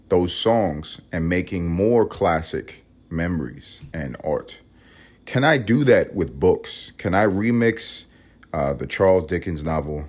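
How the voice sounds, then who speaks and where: A man from Harlem with a vocal-fry voice, rambling casually and profanely in a room at home early in the morning. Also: darkish tone. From Harlem, New York. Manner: rambling, profane, low-key. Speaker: podcast host.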